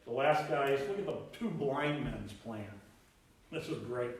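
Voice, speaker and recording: Pastor preaching in an echoey church. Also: male voice, mid-range voice, unhurried. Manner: animated, acts out voices in Bible stories. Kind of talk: sermon. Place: church sanctuary. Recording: very echoey church, mic at distance.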